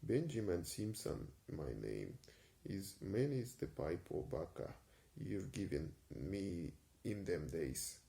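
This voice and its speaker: A man voicing an old Yorkshire mill hand in disguise, speaking slowly and haltingly in an attempted Yorkshire accent. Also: low voice, sing-song, vocal fry, warm tone, heavily acted. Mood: wheedling.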